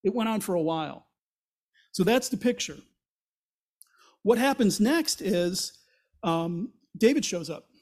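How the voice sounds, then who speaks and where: A man's voice: high voice, expressive, unhurried, pauses often, a little mellow. A man preaching a sermon as pastor, in a conversational, explanatory way, asking rhetorical questions and voicing the quotes he reads. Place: church.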